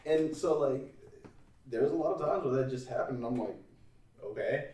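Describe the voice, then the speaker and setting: A man's voice: mid-range voice, brisk, dark tone, far from the mic. Man, podcast host, casual rambling story, swears a lot, set back from the mic, roomy echo. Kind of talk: casual chat.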